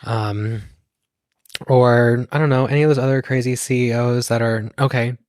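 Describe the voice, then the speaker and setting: A man's voice: medium pitch, fairly even intonation, moderate pace, darkish tone, no room sound, studio quality. A man co-hosting a podcast in casual chat who rambles, restarts his sentences and laughs easily. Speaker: podcast co-host.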